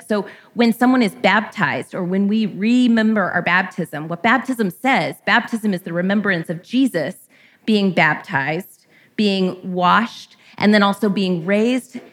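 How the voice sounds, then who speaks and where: Woman preaching a candid, casual sermon. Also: mid-range voice. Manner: candid and conversational, lightly irreverent. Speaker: pastor.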